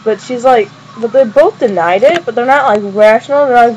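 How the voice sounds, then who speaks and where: Young woman vlogger, excitable rambling fan review, muffled lo-fi mic with light hiss. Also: on the high side, normal speed. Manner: rambling, excited, many fillers and restarts. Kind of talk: casual episode review. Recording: dull lo-fi webcam audio with faint noise.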